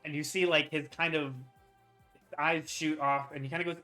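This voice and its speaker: Game master: a man with a bright voice, halting narration, faint music behind. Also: on the high side, steady tone. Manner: halting, lots of ums and likes.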